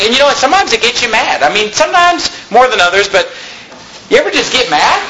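A man's voice: very high-pitched, pushed and bright, slight background noise, low-quality recording. A man preaching a sermon as pastor, reading scripture aloud and rising sharply on his exhortations.

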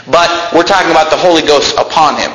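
Man preaching a sermon, bright, echoey church room. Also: fast. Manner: emphatic preaching, voices Bible figures with sharp pitch jumps. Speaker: pastor.

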